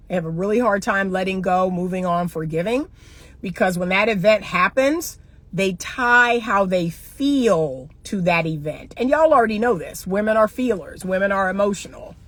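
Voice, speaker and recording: A woman's voice: mid-range voice, normal speed, a bit bright, dry recording. Blunt, lecturing middle-aged woman. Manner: blunt, emphatic, lecturing, with repeated rhetorical questions. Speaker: relationship coach. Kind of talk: opinionated monologue to camera.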